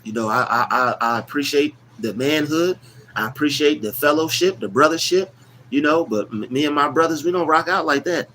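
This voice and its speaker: A man's voice: fairly high pitch, moderate pace, bright, forceful tone, slight background noise. A man hosting a casual motivational livestream, talking in a loose, repetitive, preachy way about affirmations. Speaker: livestream host.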